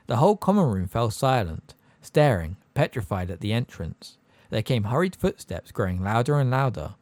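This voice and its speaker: A man narrating an audiobook in an expressive storybook style. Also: mid-range voice, dry recording. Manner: expressive, varied delivery. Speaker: audiobook reader.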